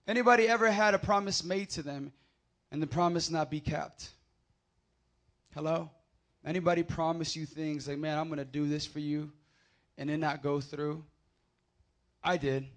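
A man preaching a sermon, swinging from loud emphatic scripture readings to quiet, casual storytelling. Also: steady tone, moderate pace, long pauses. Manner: builds to loud emphatic proclamations, then drops low for anecdotes.

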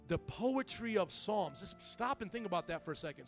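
A man in his thirties preaching a sermon, joking with the congregation and then slowing into soft, calm reading. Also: high-pitched, gravelly, faint music behind. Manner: animated, jokey preaching that drops to a slow soft voice. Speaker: pastor.

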